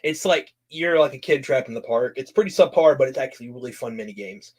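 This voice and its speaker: A man's voice: medium pitch, fast. A man talking as a guest on a casual horror podcast, an enthusiastic fan who swears and trails off with fillers.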